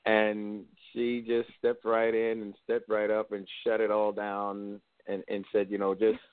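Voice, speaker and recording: A man's voice: lowish voice, completely flat delivery, measured pace, few pauses, clean tone, no room sound. A man co-hosting a casual radio chat show, playful and loose, restarting his words as he talks. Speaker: podcast co-host. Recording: tinny phone line, dry.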